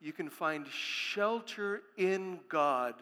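A man preaching a sermon as pastor, speaking emphatically and building to loud proclamations. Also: high-pitched, expressive, drawn-out words, smooth, in a large hall.

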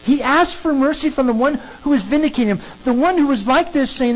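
A preacher giving an animated, emphatic sermon that works through a scripture passage. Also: sits high, a little fast, poor audio. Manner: animated, emphatic, acts out crowd scenes.

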